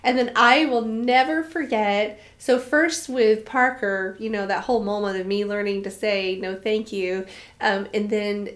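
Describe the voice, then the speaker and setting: A woman's voice: medium pitch, steady tone, a little slow. A woman guest on a podcast, talking through a shared adventure in an earnest, reflective and enthusiastic way. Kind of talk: casual conversational storytelling.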